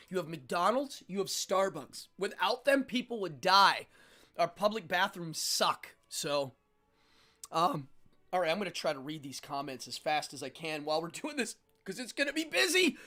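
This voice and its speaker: A man's voice: high-pitched, fairly bright tone. A man in his forties hosting a casual livestream, chatting with viewers and eating between sentences. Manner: chatty, eats between lines. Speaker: livestream host.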